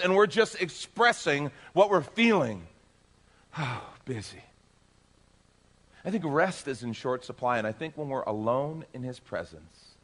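A man preaching as a pastor, dropping to soft, hushed lines and rising to loud emphasis. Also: medium pitch, long reverb tail. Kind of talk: sermon.

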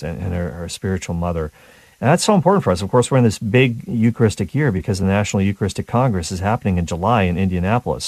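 A man hosting a talk radio show, telling stories in a casual, animated way with frequent restarts and small chuckles. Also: sits low, no room sound. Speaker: radio host.

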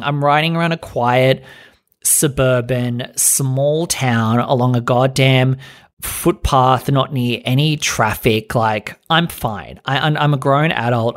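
A young man rants his way through a story. His pitch sits mid-range. He sounds chatty and exasperated, with fillers and swearing throughout. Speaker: podcast host. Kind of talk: casual storytelling rant.

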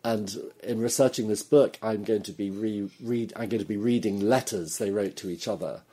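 Dark, husky-voiced novelist. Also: male voice, lowish voice, moderate pace. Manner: thoughtful, detailed, laughs easily. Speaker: novelist guest. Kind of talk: interview conversation.

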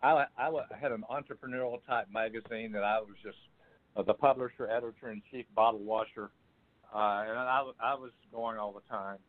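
Older male guest, halting storyteller, thin phone-line sound. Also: fairly low pitch, fairly even intonation. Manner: halting, with many restarts and fillers. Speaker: author and guest. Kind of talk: personal storytelling in an interview.

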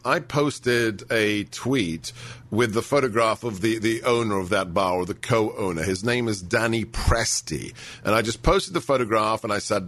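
Male host, low-pitched and animated, indignant, leans hard on words. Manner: indignant, animated, drawn-out emphasis. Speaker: show host. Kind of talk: political talk show.

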